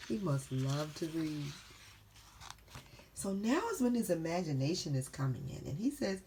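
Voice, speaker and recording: A woman reading a picture book aloud to children, slowly and encouragingly, asking them questions. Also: fairly low pitch, very animated, dark tone, slight background noise. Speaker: storybook reader.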